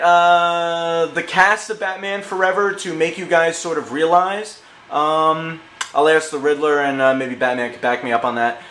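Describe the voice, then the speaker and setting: A man's voice: on the high side, fairly bright tone. A man reviewing movies in a casual vlog, enthusiastic and slangy, joking as he goes. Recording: echoey room with faint hum.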